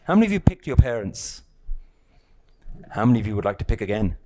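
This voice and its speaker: A man with a fairly low, dark, sing-song voice talks quickly, with a little hiss or hum in the audio. Giving a live spiritual lesson, he stays casual and teasing, constantly checking in with "yeah?" and "right?".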